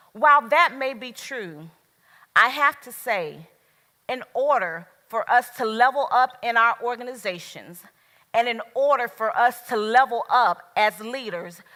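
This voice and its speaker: Slow, emphatic woman speaking in a hall. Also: on the high side, sharp tone. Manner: slow, emphatic, with dramatic pauses. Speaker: speaker at a business event. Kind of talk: motivational speech. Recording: long reverb of a large hall.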